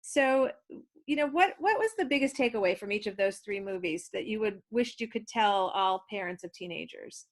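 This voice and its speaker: A woman's voice: medium pitch, animated, moderate pace. A woman hosting an interview, asking encouraging questions in a conversational way. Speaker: interview host.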